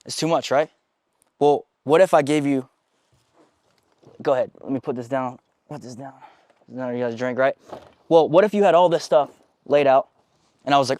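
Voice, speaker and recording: A man's voice: mid-range voice, moderate pace, pauses often, a little mellow, no echo. Guy coaching his sales team, cursing nonstop, dry close sound. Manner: blunt, swears constantly, acts out quoted dialogue. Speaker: sales trainer. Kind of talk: profane motivational team talk. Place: meeting room with a small group.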